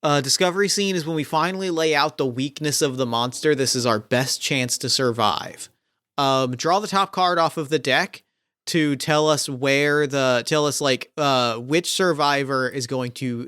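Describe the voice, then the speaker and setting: A man narrating as game master of a tabletop game, relaxed and sprinkling in ums. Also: medium pitch, normal speed, dry recording, studio quality.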